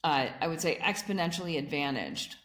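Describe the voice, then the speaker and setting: A woman's voice: deep voice, expressive, brisk, fairly bright tone. A woman in a conversational interview who explains energetically and builds her points in repeated lists. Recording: echoey room.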